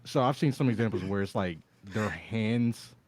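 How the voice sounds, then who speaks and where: A man's voice: lowish voice, normal speed, darkish tone. A man in casual podcast chat, explaining things step by step in a laid-back way. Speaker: podcast co-host.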